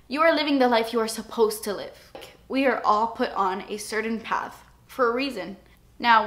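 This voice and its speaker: Her mid-range voice carries a fairly bright tone as the young beauty vlogger shares her feelings candidly with the camera. It's a casual, confessional talk, emotional throughout and near tears at moments.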